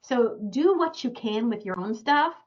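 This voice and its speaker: A woman's voice: fairly high pitch, lively intonation, a little slow, dull audio. A woman astrologer giving a recorded webinar talk, earnest and advising her listeners directly.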